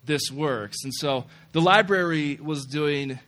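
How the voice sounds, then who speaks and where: Guy preaching to college kids, bright voice, jokey and loose, quiet prayer at the start. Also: fairly high pitch, slow pace. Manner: conversational and joking, self-deprecating asides. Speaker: campus ministry speaker. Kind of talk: sermon with opening prayer.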